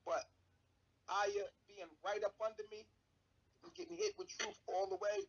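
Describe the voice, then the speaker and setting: Man streaming live, emphatic and swearing; high raspy voice, lo-fi sound. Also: sing-song, measured pace. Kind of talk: casual live-stream talk.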